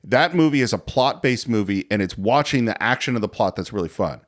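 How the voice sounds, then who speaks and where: A man's voice: fairly low pitch, animated, brisk. A man hosting a casual film podcast, enthusiastic, often laughing and acting out scenes. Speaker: podcast host.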